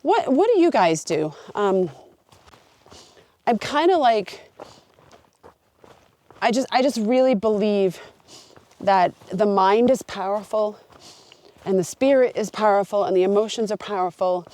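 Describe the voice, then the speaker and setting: A woman's voice: medium pitch, lively intonation, a little slow, long pauses, mellow. A woman hiking a long trail, talking to her camera outdoors in an earnest, open and heartfelt way. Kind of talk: reflective talk to camera.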